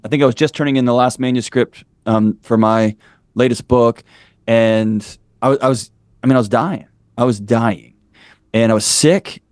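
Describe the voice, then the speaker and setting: A man's voice: mid-range voice, a little mellow, smooth, dry recording. Blunt impassioned man, dry close mic. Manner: blunt, impassioned, preacher-like build-ups. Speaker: podcast guest. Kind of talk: candid interview storytelling.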